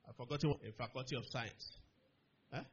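A man's voice: medium pitch, brisk. A middle-aged man preaching a sermon, acting out the voices in his story and asking the congregation questions. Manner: animated, acts out dialogue in shifting voices, asks congregation questions. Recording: slightly dull recording with faint noise.

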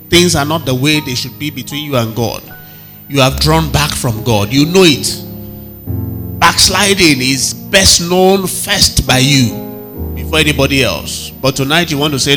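A man delivers an evening sermon to a live and online congregation, his voice bright and ringing. He preaches emphatically, repeating his phrases and pausing for the listeners to answer back, with faint music playing under him. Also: mid-range voice.

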